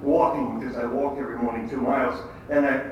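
A man's voice: medium pitch, fairly even intonation, quick pace, lo-fi sound. An older man giving a faith talk to a group, telling stories with quoted dialogue in an emphatic way. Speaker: lay speaker at a prayer meeting. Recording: echoey hall, distant mic, faint background noise.

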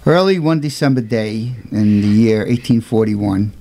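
A man's voice: normal speed, mellow. Earnest man telling a saint's story. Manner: earnest, emphatic, rhetorical questions, raises pitch for quoted voices. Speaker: storyteller presenting a saint's life. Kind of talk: informal religious storytelling.

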